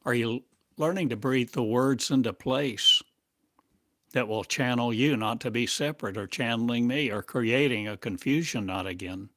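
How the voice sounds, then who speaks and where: A man giving a channeled spiritual monologue as a teacher, speaking in drawn-out phrases and asking one rhetorical question after another. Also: medium pitch, a bit bright, no room sound, clean studio sound.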